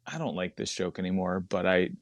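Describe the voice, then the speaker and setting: A man's voice: deep voice, fairly quick, no echo. A man, a stand-up comedian chatting as a podcast guest, rambling into tangents and laughing often. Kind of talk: casual podcast chat.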